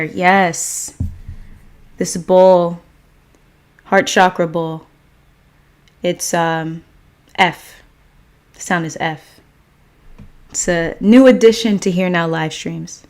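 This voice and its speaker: A woman hosting a spiritual livestream, greeting viewers by name and guiding a meditation with calm, gentle affirmations. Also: lowish voice, extremely slow, pauses often. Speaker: livestream host and meditation guide. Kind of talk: casual livestream chat and guided meditation.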